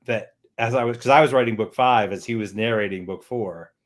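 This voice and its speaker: A man's voice: fairly low pitch, fairly quick. A man, an author, chatting casually on a livestream and often repeating words as he thinks.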